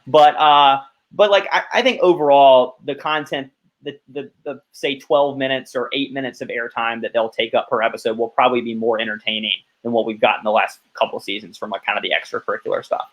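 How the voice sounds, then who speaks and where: A man from Alabama talking loosely on a podcast, stringing thoughts together with constant "like"s. His voice sits at an ordinary middle pitch. He sounds easy and conversational. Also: steady tone, brisk, poor audio. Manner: rambling, heavy use of "like" fillers. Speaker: podcast guest. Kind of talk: casual podcast chat.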